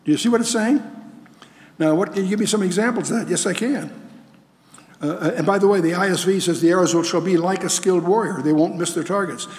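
A man's voice: sits high, fast, darkish tone. Emphatic man teaching in a reverberant hall. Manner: emphatic, rhetorical questions, frequent restarts. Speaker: Bible teacher. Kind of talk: lecture-style Bible teaching with slides.

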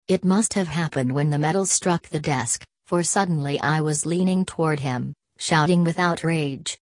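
Low-voiced woman narrating an audiobook. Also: darkish tone, no echo. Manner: measured, first-person storytelling. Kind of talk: scripted narration of a novel.

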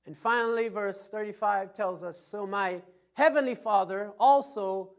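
High pitched guy preaching, reads verses, tells stories w/ little chuckles, gets loud then soft. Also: a little slow, hardly any pauses. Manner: preaching with swings from loud emphasis to soft asides. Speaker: pastor. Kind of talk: sermon.

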